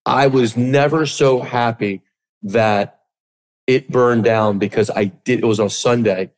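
A middle-aged man, a guest on an interview podcast, telling his story with lively acted-out quotes. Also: medium pitch, a little slow. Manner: animated storyteller, acts out quotes. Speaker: podcast guest, business coach.

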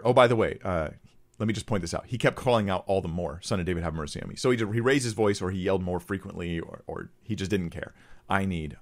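Guy pastor preaching casual, lowish voice, acts out the crowd bits. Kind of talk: conversational sermon.

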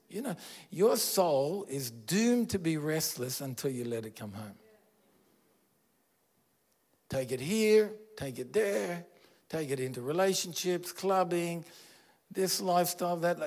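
A man's voice: a little high, darkish tone. A man preaching a sermon as pastor, earnest and conversational, asking his listeners questions.

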